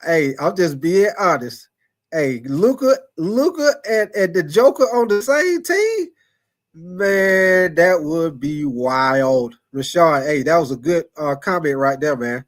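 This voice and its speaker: Animated high-voiced man hosting live chat. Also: measured pace. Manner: animated, repetitive, laughs often, calls chatters by name. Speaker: sports talk livestream host. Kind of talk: casual live chat reading super chats.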